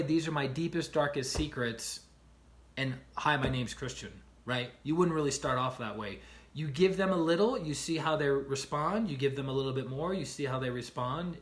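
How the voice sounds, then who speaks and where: On his relaxed livestream, the life coach talks at a medium pitch. Stories come out animated, with the people in them acted out, and "right?" keeps popping up as he checks in with whoever is watching.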